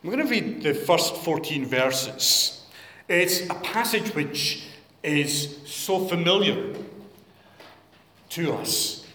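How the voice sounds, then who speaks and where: High, lively-voiced man preaching slowly. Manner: earnest, measured, prayerful. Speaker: pastor. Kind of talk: sermon with scripture reading. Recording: echoey hall with long reverb.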